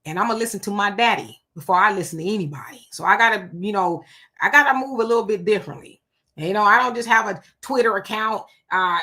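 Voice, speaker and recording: Bright-voiced woman chatting with live viewers. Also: medium pitch, fast. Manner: greets commenters by name and reacts conversationally. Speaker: livestream host reading chat comments. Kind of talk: casual live-chat commentary.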